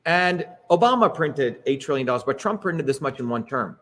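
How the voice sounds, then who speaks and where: A man's voice: mid-range voice, lively intonation, moderate pace, fairly bright tone. A middle-aged man giving an emphatic, rhetorical public talk with slides, often checking in with "okay?" and "right?". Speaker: speaker leading a political talk.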